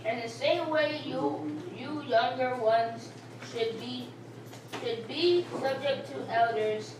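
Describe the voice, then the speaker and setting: A woman reads scripture slowly and carefully, stumbling a little. Her voice is slightly high and sounds far off. Heavy room echo and a steady noise surround her. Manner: slow, halting reading. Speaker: scripture reader. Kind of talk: reading scripture aloud. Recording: echoey room from far off, noisy.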